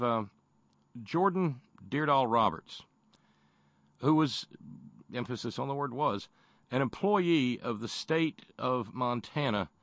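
A man's voice: mid-range voice, a bit bright, no echo. A man hosting a radio talk show, speaking in a folksy, wry way with many fillers and restarts.

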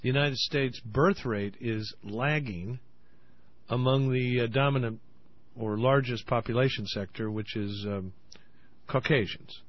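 A man's voice: medium pitch, measured pace, no room sound, muffled recording. A man in a played interview clip, talking earnestly with many ums and uhs. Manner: hesitant, many fillers, earnest. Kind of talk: interview talk.

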